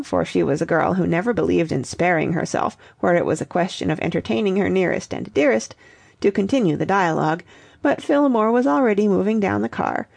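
A woman reading a novel aloud in a steady, wry narrating style. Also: fairly low pitch, vocal fry, no echo. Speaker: audiobook reader. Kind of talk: scripted narration.

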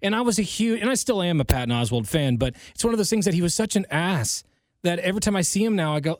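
A man's voice: high voice, lively intonation, fast, dry recording, studio quality. A man hosting a morning radio show, chatting casually and ranting bluntly.

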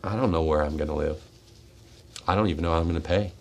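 Deep-voiced man in a raw confession. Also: fast talker, a little hiss or hum. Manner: raw, confessional, swings between forceful and hushed. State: tearful and shaky. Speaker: radio show host. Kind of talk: emotional personal monologue. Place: radio studio.

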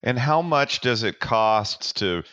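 A man hosting an interview, asking measured questions and affirming his guest. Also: mid-range voice, lively intonation, pushed and bright, no room sound. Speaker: podcast host. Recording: dull, muffled dry sound.

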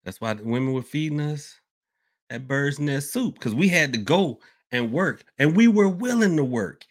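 A man's voice: a little high, lively intonation, moderate pace. Man, podcast host, casual talk, rambling, repeats phrases, says y'all. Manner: rambling, repeats himself, addresses listeners as y'all. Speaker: podcast host and hoodoo worker.

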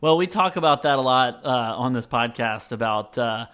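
A man's voice: medium pitch, expressive, moderate pace, a bit bright, clear, resonant tone. A man hosting a podcast, chatting casually with a guest and reacting with short laughs and agreement. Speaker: podcast host. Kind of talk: casual chat.

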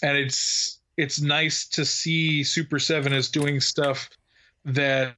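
A man's voice: fairly high pitch, level tone, slow, pushed and bright, a little hiss or hum. A man co-hosting a podcast in casual chat, rambling with fillers, restarts and frequent laughs. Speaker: podcast co-host.

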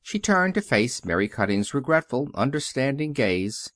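An expressive male audiobook reader delivers scripted narration in a mid-range voice at normal speed. The recording is dry and studio quality.

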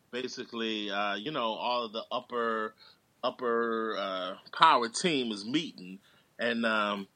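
Bright, dry-voiced man recapping a film. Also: medium pitch, no room sound. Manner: rambling recap with filler words, slips into quoted lines. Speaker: podcast guest. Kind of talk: casual movie plot recap.

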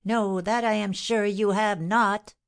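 A woman voicing a shrill, vindictive middle-aged porter's wife who screams and scolds. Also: a little slow. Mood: shrill scolding.

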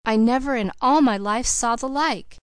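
A woman's voice: a little high, normal speed, smooth, no echo, voice pushed up, lightly acted. Heartfelt young graduate, earnest and wondering, read by a woman.

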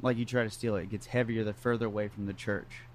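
A young man in casual chat who speaks in a hesitant, halting way, with many restarts and fillers. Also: lowish voice, flat delivery, a little mellow.

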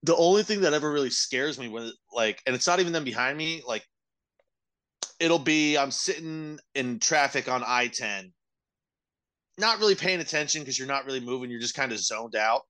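A man's voice: medium pitch, animated, normal speed, pushed and bright. A man co-hosting a comedy podcast, telling stories in a laid-back, casual way. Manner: laid-back storytelling with filler words. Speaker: podcast co-host.

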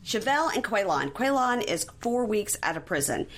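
A woman co-hosting a podcast, retelling a reality show in casual chat and acting out quoted lines in high, animated voices. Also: moderate pace.

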